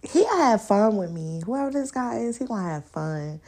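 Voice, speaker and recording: A young woman hosting a podcast, chatting casually and telling loud, animated stories full of laughter and acted-out quotes. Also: mid-range voice, normal speed. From New York and the countryside. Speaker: podcast host. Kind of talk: casual solo podcast chat.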